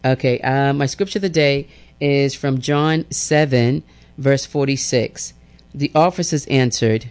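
A man hosting a radio show, reading announcements and giving a lively devotional that repeats phrases and calls listeners family. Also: mid-range voice, measured pace, smooth. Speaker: radio host.

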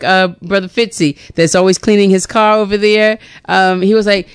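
A woman hosting a radio talk show, effusive and quick to laugh, from Bermuda. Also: medium pitch, clear, resonant tone, dry recording. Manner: warm, effusive, laughing often. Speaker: radio host.

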